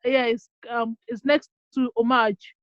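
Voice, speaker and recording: A woman's voice: on the high side, flat delivery, measured pace, dry recording. Nigerian woman on a dull video call. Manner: hesitant, many ums and restarts. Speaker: guest QA engineer. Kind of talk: casual online interview.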